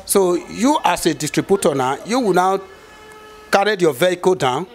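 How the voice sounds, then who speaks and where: A man's voice: high-pitched, expressive, moderate pace. A man explaining prices in an interview, hesitant with many fillers. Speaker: cement trade guest.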